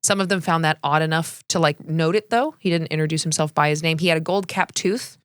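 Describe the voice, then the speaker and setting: Woman, podcast co-host, low pitch, dry sound, casual history storytelling. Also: fairly quick, smooth, dry recording. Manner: reads researched history conversationally, laughs often.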